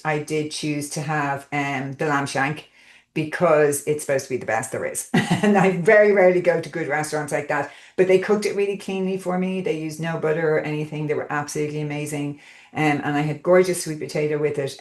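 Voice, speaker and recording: A woman's voice: deep voice, roomy sound. A woman hosting a casual group coaching call, talking in a rambling, chatty way with lots of fillers and check-ins with her listeners.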